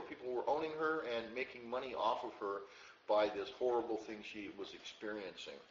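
A man preaching a verse-by-verse Bible teaching sermon in a conversational way, getting louder when he quotes a verse and dropping low for asides. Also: a little hiss or hum. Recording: roomy, dull audio with faint ambience.

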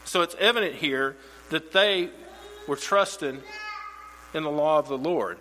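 Guy teaching bible study, bright voice, long echoey hall, faint hum behind, kinda rambly. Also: on the high side, animated, moderate pace. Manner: conversational, repeats words when restarting. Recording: reverberant hall with mains hum.

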